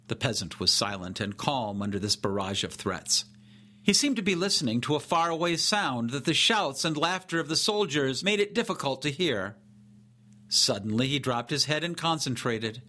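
A man reading a story aloud for a podcast in a measured, even storytelling manner. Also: medium pitch. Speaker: podcast narrator. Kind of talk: scripted story narration.

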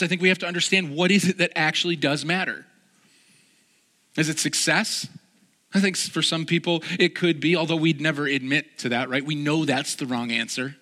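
A pastor delivering a sermon to a gathering, telling a personal story in an animated, self-mocking way. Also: male voice, on the high side. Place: large hall before a live gathering. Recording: long reverb of a large hall.

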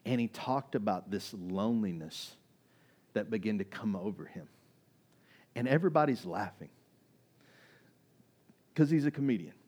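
A male pastor preaching a sermon, swinging between loud fervent peaks and soft, low asides, talking conversationally with restarts and repeated words. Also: expressive, moderate pace, long pauses, breathy edge.

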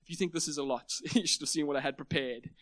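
A man's voice: on the high side, fast talker, fairly bright tone, dry recording. A man preaching a sermon at a church meeting, emphatic and building up to big points.

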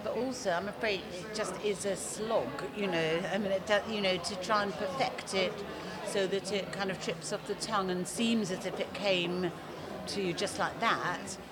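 A woman's voice: mid-range voice, fairly even intonation, normal speed. A woman, an author guest, answering modestly and thoughtfully, with hesitant fillers. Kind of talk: casual interview answers. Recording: loud crowd outdoors. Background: loud crowd chatter.

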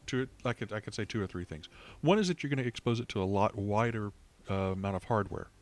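Low-voiced man musing on a podcast. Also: fast. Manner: thoughtful, rambling with restarts. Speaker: podcast co-host. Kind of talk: casual chat. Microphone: online call.

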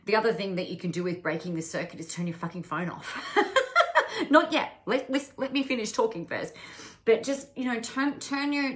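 A woman business coach talking casually on a live stream, frank and swearing freely, with many restarts. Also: lowish voice.

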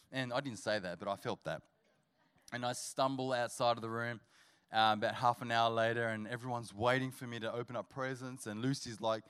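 A man preaching as a guest pastor at a church service, telling a humorous story before building to energetic exhortation. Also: mid-range voice, normal speed, smooth. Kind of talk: sermon.

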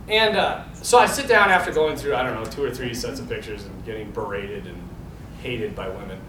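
A man's voice: mid-range voice, normal speed, pushed and bright. A man, a Catholic priest, giving an informal talk to a men's group, telling stories animatedly and laughing often. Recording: echoey room, mic far off, faint noise.

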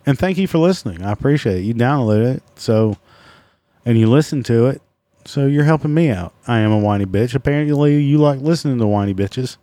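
A man's voice: medium pitch, lively intonation, a little fast, mellow, no room sound. A man hosting a casual solo podcast, swearing freely, sarcastic and mocking himself. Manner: profane, sarcastic, self-mocking. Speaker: podcast host.

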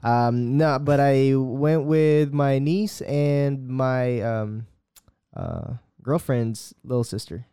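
A man's voice: mid-range voice, steady tone, slow pace, dark tone, smooth, no room sound, studio quality. A man co-hosting a podcast in casual chat, easygoing and a little hesitant, with frequent ums. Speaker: podcast co-host.

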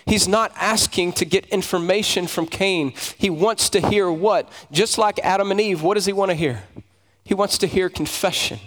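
A male pastor preaching a sermon in a conversational way, asking the congregation rhetorical questions. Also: a little high. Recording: long hall reverb.

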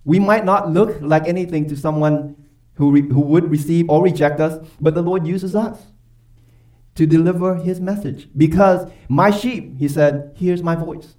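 A male pastor preaches a sermon with emphatic, questioning delivery, his voice slightly high and a little mellow at a moderate pace. He was recorded from a distance, so in the church he sounds set back, far off the mic.

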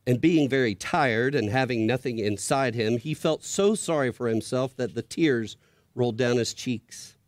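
A man's voice: mid-range voice, normal speed, dry recording. A middle-aged man and father of grown children reading a story aloud with drama to an audience. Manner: expressive, dramatic read-aloud.

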